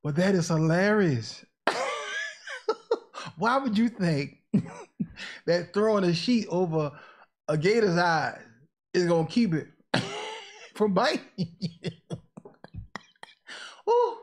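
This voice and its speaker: A man's voice: sits high, lively intonation, a little slow, long pauses. A man hosting a podcast, chatting casually and animatedly, laughing often and mixing jokes with preachy asides. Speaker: podcast host. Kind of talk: casual chat.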